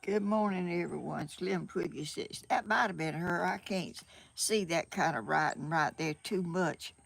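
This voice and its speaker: Her voice sits on the low side and sounds gravelly, moving at a normal speed. She's an older Southern-accented vlogger from Georgia, USA, live streaming from a sunny room in her home, chatting casually, a little flustered and laughing a lot.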